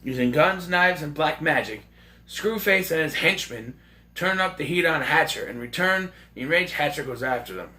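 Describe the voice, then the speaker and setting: A man rambling excitably and jokingly through a casual movie review. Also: a little high, moderate pace.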